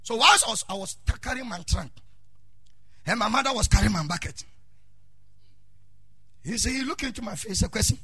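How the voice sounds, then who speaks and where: A middle-aged Ghanaian man preaching a sermon as pastor, calling out to the congregation, shouting in a sing-song way and telling stories from his own life. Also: high-pitched, lively intonation, a little fast, long pauses, slightly rough, no room sound.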